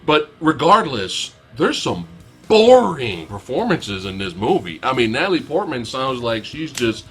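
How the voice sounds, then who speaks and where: A man co-hosting a casual film review, animated and quick to laugh and mock outrage. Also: mid-range voice, soft background music. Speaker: movie reviewer co-host.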